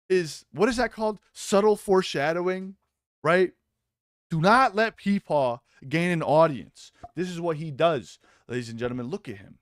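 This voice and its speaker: A man hosting a casual live-stream commentary, excitable and mocking, swearing freely. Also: on the high side, moderate pace, no room sound, studio quality.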